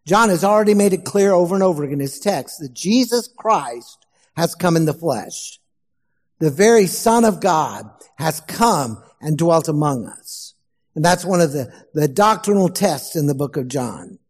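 A man preaching a sermon as pastor, slow and emphatic, asking the congregation questions. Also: fairly high pitch, lively intonation, in a large hall.

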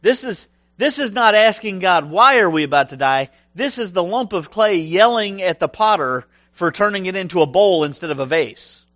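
A man preaching a sermon, animated and humorous, acting out voices from the stories he tells. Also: sits high, normal speed, few pauses, no room sound, studio quality. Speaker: pastor.

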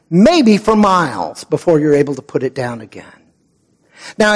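A man preaching a sermon with a slightly high-pitched voice. He talks in an earnest, conversational way, pausing prayerfully and sometimes dropping almost to a whisper. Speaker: pastor.

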